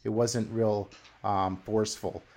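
A man's voice: lowish voice, little pitch movement, slow, darkish tone. A man hosting a film podcast, talking in a casual, rambling way full of ums, likes and restarts. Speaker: podcast host.

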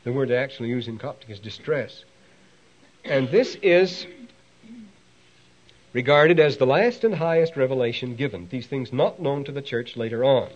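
Man, lecturer, discursive, plenty of asides, mid pitch, muffled lo-fi tape. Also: moderate pace, pauses often. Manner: discursive, full of asides and restarts; reads quoted passages aloud with lively emphasis. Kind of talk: classroom lecture.

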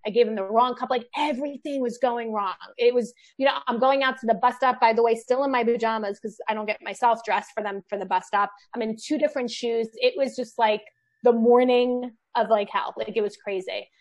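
A woman in her thirties, a mother and book author, telling stories in a casual, animated way full of "like" fillers. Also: on the high side, a little fast. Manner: animated storyteller, lots of "like" fillers. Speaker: guest, children's book author. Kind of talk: casual podcast chat.

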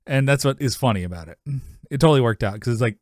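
A man's voice: mid-range voice, expressive, quick pace, darkish tone, no echo, clean studio sound. A man co-hosting a podcast, chatting casually and rambling through a TV episode recap, with lots of "you know" fillers and frequent laughs. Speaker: podcast co-host.

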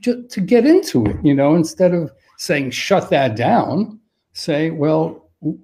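An older man sharing caregiving advice on dementia in a thoughtful, halting way with frequent restarts. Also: a little high, sing-song, creaky, mellow. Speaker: dementia care expert guest. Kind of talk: conversational advice on a live stream.

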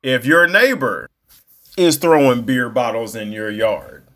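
A man's voice: medium pitch, very animated, slow pace, sharp tone. A man talks in a loose, conversational monologue, leaning hard on his points. He fills the gaps with plenty of likes and you knows. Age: adult. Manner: conversational, emphatic, lots of fillers. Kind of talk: casual monologue.

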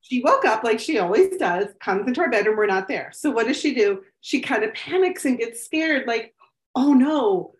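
A woman in her thirties, a podcast co-host, telling a story in casual chat with a rambling, animated delivery full of fillers. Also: fairly high pitch, moderate pace, few pauses. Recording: echoey room.

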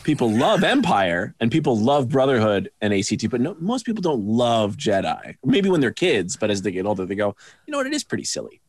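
A man talking casually as a podcast co-host, animated, acting out quoted reactions with big jumps in pitch. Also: brisk, few pauses, no echo, clean studio sound. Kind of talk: casual chat.

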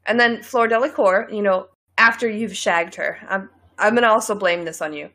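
A young woman chats casually as a podcast co-host, laughing easily and hamming up her stories. Her voice sits at a middling pitch, and her delivery is playful and a bit dramatic. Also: normal speed, fairly bright tone. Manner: giggly, playful, dramatic storytelling. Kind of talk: casual chat.

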